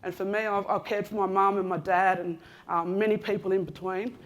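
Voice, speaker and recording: An Australian woman in her fifties talks to a large conference room in a loose, joking way, calling out to people in the audience as she wanders among them. Her voice sits at an ordinary middle pitch, and her delivery is full of filler ums and friendly teasing. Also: level tone, fairly quick. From Western Australia. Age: 50s. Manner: chatty and teasing, addresses people in the room directly, many "um"s. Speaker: conference speaker giving an Acknowledgement of Country. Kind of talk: casual, joking talk to a live audience.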